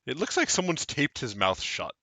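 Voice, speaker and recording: A man's voice: medium pitch, huge pitch swings, moderate pace, bright, forceful tone, dry recording. A man narrating as game master of a tabletop game, with wry asides.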